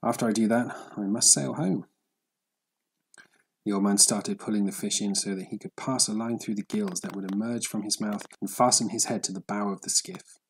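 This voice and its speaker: A man narrating a story in a steady, measured audiobook reading. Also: lowish voice, breathy edge, poor audio.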